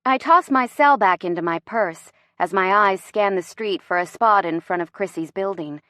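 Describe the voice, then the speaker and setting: A woman narrating a first-person audiobook with lively, wry storytelling. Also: medium pitch, normal speed, no echo, clean studio sound.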